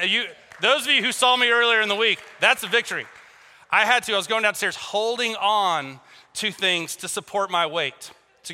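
A man preaching a sermon to a congregation, animated and joking, often asking the crowd questions. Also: high-pitched. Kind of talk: sermon with personal storytelling. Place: large hall with a congregation. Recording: long reverb from a large hall.

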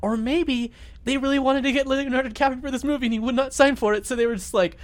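A man's voice: very high-pitched, fairly even intonation, fast talker. A man co-hosting a casual comedic movie chat, rambling and laughing often as he acts out lines from the film. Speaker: podcast co-host.

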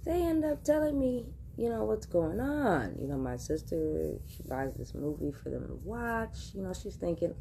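A woman's voice: on the low side, sing-song, normal speed, vocal fry, hardly any pauses, mellow, slight background noise. A woman hosting a podcast, telling a casual story straight to her listeners, chatty and laughing often. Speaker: podcast host.

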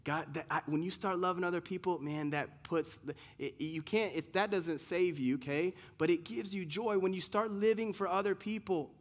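A man's voice: sits high, moderate pace, few pauses. A man pastor preaching a sermon in an earnest way, full of rhetorical questions and repeated restarts.

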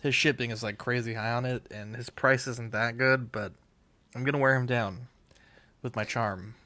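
A man answering questions as a podcast guest in a relaxed, easygoing way with dry humor. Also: medium pitch, moderate pace, dry recording. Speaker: podcast guest and network co-creator. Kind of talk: casual podcast chat.

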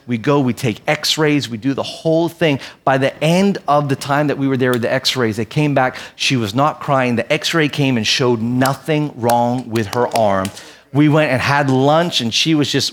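Guy in his 30s preaching, pastor voice, earnest and chatty, mid pitch, drives his points home. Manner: earnest, personal storytelling that builds to emphatic preaching. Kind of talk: conversational sermon.

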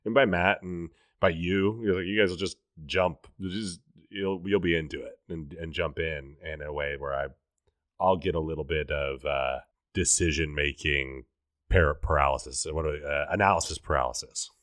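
Very deep-voiced thoughtful man. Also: moderate pace, fairly bright tone, dry recording. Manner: thoughtful, hesitant, asks "right?". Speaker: podcast co-host. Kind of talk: casual chat.

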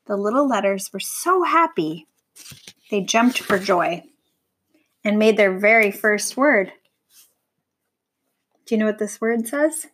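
A woman reading a picture book aloud to a young child, gentle and warm, stopping to ask the child questions. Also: mid-range voice, lively intonation, slow, long pauses, a little hiss or hum, poor audio.

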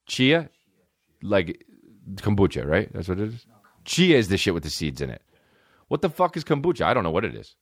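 A young adult man hosting a comedy podcast, telling stories in a profane, rambling, animated way and voicing the people he quotes. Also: low-pitched, normal speed, long pauses, no echo, clean studio sound. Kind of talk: casual podcast storytelling.

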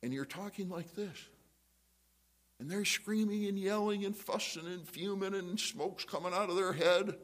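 A middle-aged man preaching a sermon, telling a story and acting out the voices in it with big jumps up in pitch. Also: normal speed. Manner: animated storytelling, jumps high to act out quotes. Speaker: pastor. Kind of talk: sermon with acted-out anecdote.

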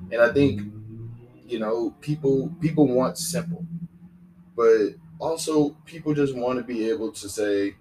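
A man's voice: medium pitch, darkish tone, slight background noise, rough recording. A young man hosting a solo podcast, rambling and repeating himself with lots of fillers. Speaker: podcast host.

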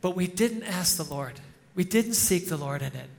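Higher-voiced pastor in a reverberant hall. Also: male voice, expressive, moderate pace, gravelly. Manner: informal storytelling, chuckles often. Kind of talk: conversational sermon. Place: church hall before a congregation. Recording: long reverb of a church hall.

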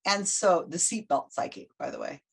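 A husky, breathy woman from the United States, in her middle years, telling a story as a podcast guest. She talks in a loose, chatty way. She keeps jumping into the voices of the people she quotes. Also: fairly low pitch, wildly swooping pitch, normal speed. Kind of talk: casual podcast interview.

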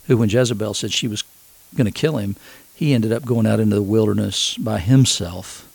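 Male preacher, earnest conversational sermon delivery, husky voice, dry close sound. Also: mid-range voice, a little mellow, no echo. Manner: conversational, earnest, acts out quotes.

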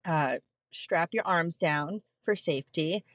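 A woman's voice: deep voice, slow pace, dry recording. A woman in her thirties, a nurse, candidly telling a personal story in casual chat with frequent laughs. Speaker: podcast guest, postpartum nurse.

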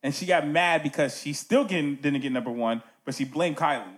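A man's voice: a little high, fairly quick. A man hosting a casual music podcast, talking animatedly and checking in with "right?" asides.

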